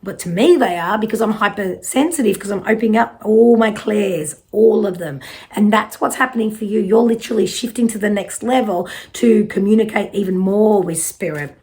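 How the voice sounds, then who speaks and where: A woman's voice: mid-range voice, normal speed, dark tone. A middle-aged woman with an Australian accent, giving a casual, reassuring psychic card reading and swearing now and then.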